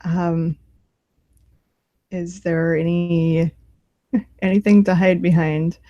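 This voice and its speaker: A woman with a fairly low voice plays a tabletop game, hesitating and thinking aloud. Her recording sounds dry and a little dull. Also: level tone, takes it slowly, no echo. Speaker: player. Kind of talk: casual tabletop play.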